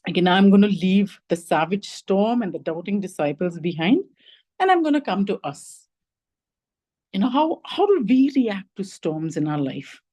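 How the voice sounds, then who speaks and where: A woman's voice: mid-range voice, lively intonation, moderate pace, mellow, poor audio. A woman giving a conversational sermon over a video call. She thinks aloud, says "like" and "you know" often, and asks her listeners reflective questions. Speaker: lay preacher giving the message.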